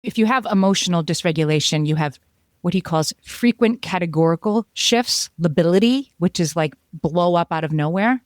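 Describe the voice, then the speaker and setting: A woman with a lowish voice co-hosts a parenting podcast, talking casually through definitions and now and then acting out heated quotes. She is recorded on a close mic in a dry, dead room. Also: lively intonation, normal speed, dry recording. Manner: explains from notes, acts out quoted outbursts. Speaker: podcast co-host.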